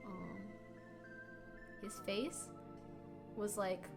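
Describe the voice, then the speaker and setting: A young adult woman streaming, telling a story in a casual, animated chat full of filler words. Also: mid-range voice, drawn-out words, over music.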